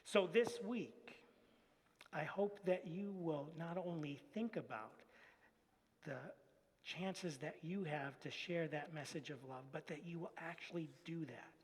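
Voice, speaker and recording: A man's voice: fairly high pitch, unhurried, slightly rough. A man, a pastor, giving a children's message in church and asking the kids friendly questions as he speaks into a microphone. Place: church sanctuary. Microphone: handheld microphone. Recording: long reverb of a church hall.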